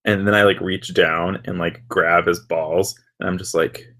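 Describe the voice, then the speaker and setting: Husky deep-voiced man playing a tabletop game. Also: brisk, hardly any pauses. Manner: casual, relaxed, many "like" fillers. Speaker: player.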